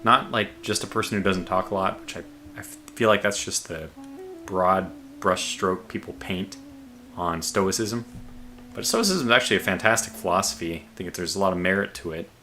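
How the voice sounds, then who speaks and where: Man, low pitch, bright tense tone, casual game livestream, rambling. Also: moderate pace, soft background music. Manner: rambling, thinks aloud with many fillers; calls himself a quiet guy. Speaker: game streamer.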